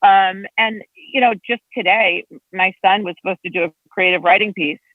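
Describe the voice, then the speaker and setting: A woman's voice: moderate pace, no room sound. A woman, a state legislator, chatting as a guest and telling stories with big swings in her voice. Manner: animated storyteller, big pitch swings. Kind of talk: casual chat. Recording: tinny phone-like line.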